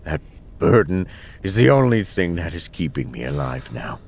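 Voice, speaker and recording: A man voicing a deep, gravelly grieving widower. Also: very animated, darkish tone, exaggerated voice. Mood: despairing. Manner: somber, slow confessional monologue. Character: grieving older widower, guilt-ridden and weary. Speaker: game character narrating. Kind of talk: game narration.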